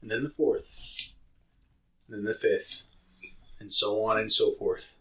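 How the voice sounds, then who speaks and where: A man's voice: fairly low pitch, steady tone, takes it slowly, a bit bright, slight background noise, low-quality recording. A man running a tabletop game, narrating loosely with many fillers. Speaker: game master.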